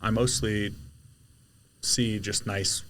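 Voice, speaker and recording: Lower-pitched man, chatty guest, lively storyteller who belts out quoted dialogue. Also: slow. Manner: animated storyteller, shouts out quoted lines. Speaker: podcast guest, delivery driver. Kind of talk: casual storytelling chat.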